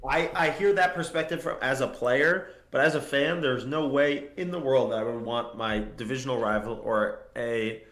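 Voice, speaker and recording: A man's voice: mid-range voice, moderate pace, few pauses, a bit bright, echoey room. A man co-hosting a sports podcast, earnest and building to heated frustration with hesitant restarts. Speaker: podcast co-host. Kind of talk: casual sports chat.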